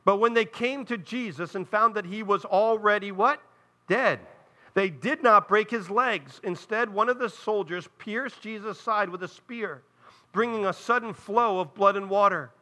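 A man preaching in an earnest, explanatory way, often turning to his congregation with direct asides. His voice sits high for a man and rings very bright and sharp. He sounds like a pastor in the pulpit. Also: measured pace. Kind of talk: sermon.

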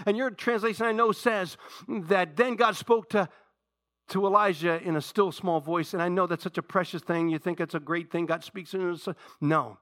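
A male pastor preaching a sermon with passion, dropping to a hush and then rising loud. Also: sits high, moderate pace. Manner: impassioned preaching, swinging between hushed and loud.

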